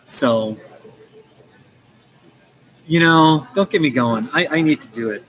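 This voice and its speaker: A man's voice: fairly high pitch, takes it slowly, a bit bright, a little hiss or hum, poor audio. American guy rambling on a livestream, loose and chatty, lots of restarts, a bit of cafe chatter behind him. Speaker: livestream host. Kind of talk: casual livestream chat. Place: coffee shop. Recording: faint café ambience.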